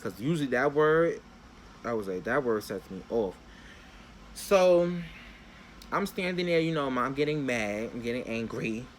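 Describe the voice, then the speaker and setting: A young man talks straight to his viewers in a casual storytime vlog, using loose slang. His pitch sits in the middle but swings widely as he tells the story. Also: slight background noise. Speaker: vlogger.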